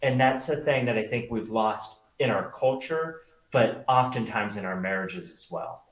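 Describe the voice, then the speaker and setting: A middle-aged man who is both a magician and a pastor talks earnestly as a guest in a conversational interview, telling stories full of fillers. His voice is on the low side and his speed is normal. The recording has a roomy echo.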